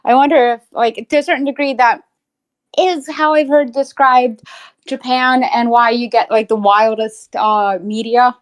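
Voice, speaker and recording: An American woman chatting on a stream, laughing along and thinking out loud. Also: a little high, fairly even intonation, measured pace, no echo. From United States. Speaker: stream guest. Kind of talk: casual chat.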